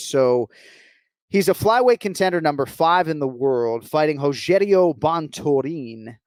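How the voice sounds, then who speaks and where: Dude with teasing his cohost on a podcast, kinda high voice. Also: dry recording. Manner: teasing, lively, joking. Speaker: podcast co-host. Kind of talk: casual podcast banter.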